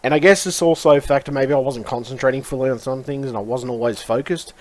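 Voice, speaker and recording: A man's voice: mid-range voice, fast talker, no room sound. A man vlogging in a rambling, frustrated way, swearing often and circling back on his words. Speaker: YouTuber. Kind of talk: casual rambling vlog.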